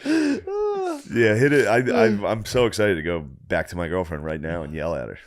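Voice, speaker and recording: A young man on a comedy podcast with an extremely lively, swooping voice. He drops to a flat mutter for deadpan lines, then jumps high into laughter. His banter stays crude and playful. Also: normal speed, crowd noise. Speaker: podcast co-host.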